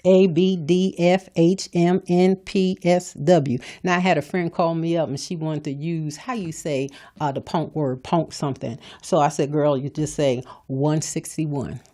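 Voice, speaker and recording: Older woman, podcast host, low voice, warm mellow tone, folksy preachy talk. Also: fairly even intonation, normal speed, hardly any pauses. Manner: preachy, folksy, addresses listeners directly. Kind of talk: motivational talk.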